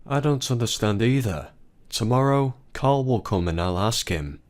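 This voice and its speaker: A man voicing a distraught grown woman who confronts her husband, pleading and then shouting, in a story narration. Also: lively intonation, normal speed, natural voice. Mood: puzzled. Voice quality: low voice pushed higher for a woman.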